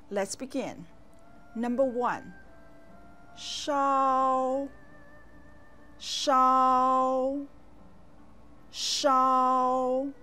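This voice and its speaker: A woman teaching as a language instructor, speaking in a slow, deliberate instructional manner with clear, careful enunciation and long pauses. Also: a little high. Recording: voice over soft background music.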